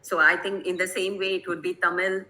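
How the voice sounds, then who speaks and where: A woman's voice: fairly low pitch, flat delivery, a little fast, sharp tone, low-quality recording. A woman from Kerala, giving an online lecture to teachers over a video call, explaining things patiently and often checking whether her listeners follow. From Kerala, India. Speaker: guest presenter.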